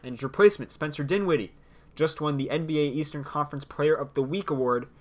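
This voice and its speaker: A young man hosting a solo sports podcast. He gives blunt opinions in a lively way and laughs between his points. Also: a little high, quick pace. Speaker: podcast host.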